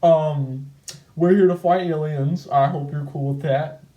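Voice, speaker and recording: A man voicing an upbeat, friendly young male hero from a comic, talking in an excited, giggly way. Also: a little high, measured pace, far from the mic, lightly acted, poor audio. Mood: eager.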